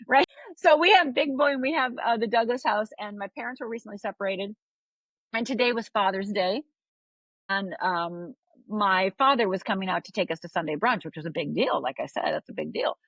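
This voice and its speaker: A woman's voice: mid-range voice, fairly quick, a bit bright, dry recording, low-quality recording. An older woman from Upper Michigan, a podcast guest telling a personal story candidly and often asking "right?". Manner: candid, confiding, checks in with tag questions.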